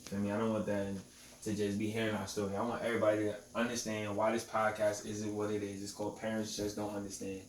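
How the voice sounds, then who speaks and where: A man's voice: on the low side, completely flat delivery, quick pace. A man in his twenties hosting a podcast, telling stories casually in street slang and often asking if you feel him. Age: 20s. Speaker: podcast host. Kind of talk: casual storytelling chat. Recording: roomy echo, distant mic, faint noise.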